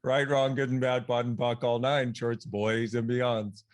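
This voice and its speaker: A man, a guest author, telling a personal story in a podcast conversation in an animated way, laughing, swearing and acting out other people's voices. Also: unhurried. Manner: animated, laughs, swears, acts out quoted voices with big pitch jumps.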